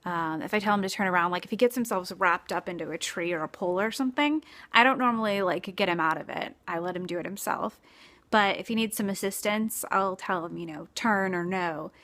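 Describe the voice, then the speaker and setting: A woman's voice: fairly low pitch, fairly quick, fairly bright tone. A young woman talking casually in a home video, chatty and full of fillers, who slips into baby talk with her dog. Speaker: vlogger. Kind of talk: casual vlog. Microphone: phone camera.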